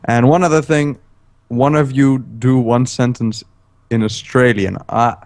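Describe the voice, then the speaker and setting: A man with a mid-pitched voice co-hosts a gaming livestream and reads out viewer donations. He hesitates, trips over his words and laughs often. The chat stays casual. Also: steady tone, measured pace, a little mellow. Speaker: co-host reading donations.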